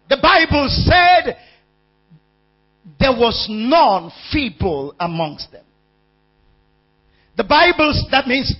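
A man preaching a sermon, calling out questions to the congregation and shouting key words. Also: very high voice. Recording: dull lo-fi sound with mains hum.

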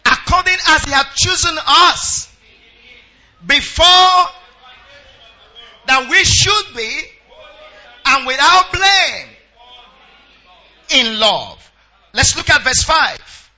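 A man's voice: very high voice, very animated, extremely slow, long pauses, bright, forceful tone, lo-fi sound. A Nigerian pastor preaching a sermon. He half-sings scripture verses in a sing-song chant and calls out to his congregation.

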